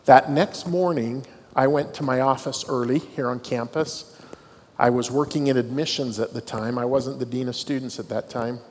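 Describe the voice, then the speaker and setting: A man's voice: medium pitch, steady tone, normal speed, husky. A middle-aged man, a dean of students, giving a devotional talk to students with storytelling and self-deprecating humor. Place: large hall on a university campus. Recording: long hall reverb, faint noise.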